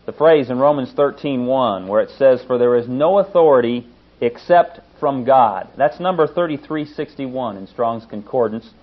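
Male Bible teacher, mid-pitched, earnest and emphatic, preaching on a dull lo-fi recording. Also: lively intonation, moderate pace. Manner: earnest, emphatic, rises in pitch to stress points. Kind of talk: sermon-style Bible teaching.

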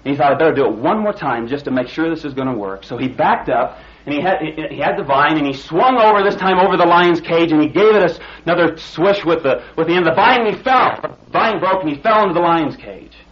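A man's voice: fairly high pitch, quick pace, highs cut off. A man preaching a sermon, telling a folksy illustration story before turning to scripture. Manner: folksy storytelling, rising excited when telling the climax.

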